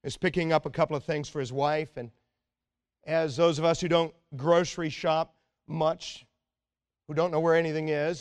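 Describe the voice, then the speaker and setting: A male pastor preaching a Sunday sermon in an earnest, exhorting way, often dropping to a quiet, intense tone. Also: a little high, clear, resonant tone.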